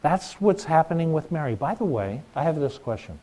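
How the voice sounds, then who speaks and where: A man's voice: a little high, big pitch swings, brisk, mellow. A middle-aged man preaching a sermon in a conversational way, asking the congregation questions.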